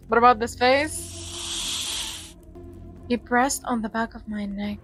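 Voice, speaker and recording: A woman gaming YouTuber reading a survival visual novel aloud, mixing dramatic reading with joking commentary. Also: fairly high pitch.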